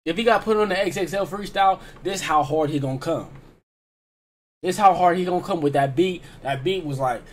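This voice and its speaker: A man's voice: a little high, slight background noise. A man giving casual, rambling commentary on a rap track, with a Californian accent and lots of slang and filler. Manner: rambling, slangy, repeats "like" and "you know what I'm saying". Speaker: reaction host. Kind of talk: casual music reaction commentary.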